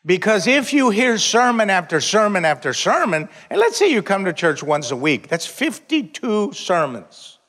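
A pastor preaching a sermon, leading the congregation in call-and-response and breaking into shouts. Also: male voice, high voice, very animated, moderate pace, hardly any pauses. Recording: reverberant church hall.

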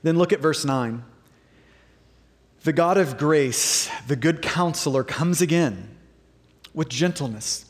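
A man preaching a sermon as pastor, animated and dramatic, acting out the voices in the story. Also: fairly high pitch, slow pace, long pauses. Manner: animated, acts out quoted voices. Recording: long reverb of a large hall.

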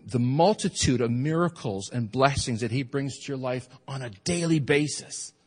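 A middle-aged man preaching a sermon as pastor, conversational and animated, asking his congregation questions and laughing often. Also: mid-range voice, big-room sound. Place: church.

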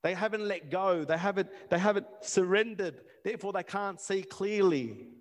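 A man preaching a passionate sermon, repeating words and building to near-shouts. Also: high voice, normal speed. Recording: long reverb of a hall.

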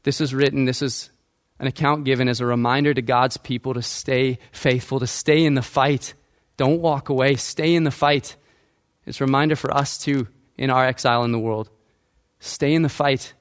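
A man's voice: medium pitch, steady tone, a little fast, hardly any pauses. A male pastor preaching a sermon, asking the congregation questions and acting out quoted lines.

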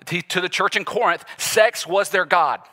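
A man delivering a sermon with a bright, forceful voice and a slightly higher pitch. He talks to the congregation conversationally, then bursts out loudly. The voice rings with a long hall reverb. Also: normal speed. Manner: animated, conversational preaching with sudden loud bursts. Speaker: pastor.

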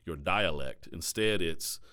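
A deep-voiced man with a Southern American accent, speaking as a pastor on a podcast. He talks in an earnest, confessional way, casual and conversational, and keeps tagging his points with a quick question to his listener. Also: pushed and bright.

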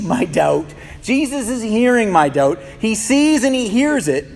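A male pastor giving an impassioned sermon in a church, often repeating words as he builds a point. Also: a little high. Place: church sanctuary. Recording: reverberant hall.

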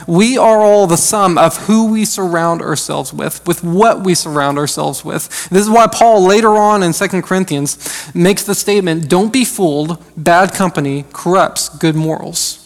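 A man's voice: high-pitched, unhurried. A man in his thirties, an associate pastor, delivering a conversational sermon with frequent fillers. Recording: long hall reverb.

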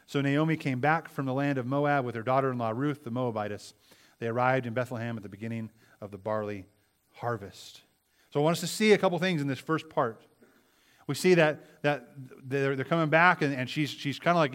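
A man's voice: medium pitch, a little fast, a bit bright. Guy preaching a sermon, chatty, keeps going "right?" at the crowd. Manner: conversational, repeats words and asks the listeners questions.

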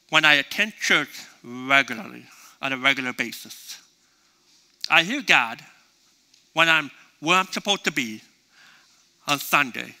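A middle-aged male pastor preaching a conversational sermon, acting out little dialogues as he goes. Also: on the high side. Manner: conversational, animated, acts out both sides of dialogues.

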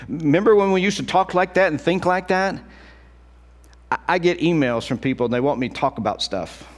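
A middle-aged male pastor preaching a sermon in an animated, conversational way, acting out quotes as he goes. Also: a little high, a little fast.

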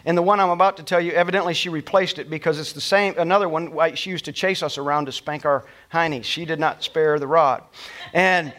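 A man's voice: on the high side, steady tone, fairly quick. Middle-aged man telling a heartfelt sermon story. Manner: emotional, storytelling, dropping to soft tones at tender moments.

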